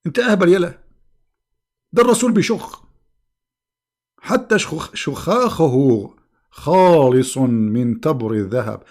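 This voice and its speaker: A man doing a loud brash Egyptian villager. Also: a little high, lively intonation, natural voice. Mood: boastful. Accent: Egyptian Arabic. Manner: shouting, mocking, rapid-fire.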